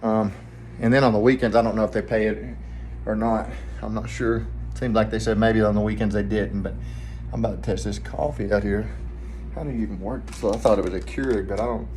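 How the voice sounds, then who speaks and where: A man with a Southern US accent, talking quietly and rambling in a casual vlog from a hotel room. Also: fairly low pitch, steady tone, brisk, a little hiss or hum. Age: adult, family man with kids. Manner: rambling, hushed so neighbors won't hear. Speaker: vlogger, trucking trainee.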